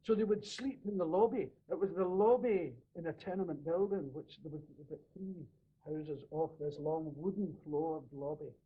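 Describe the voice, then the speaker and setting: A Glaswegian man reminiscing casually in an interview, telling animated stories and laughing often. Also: a little high, normal speed, husky. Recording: dull lo-fi radio recording.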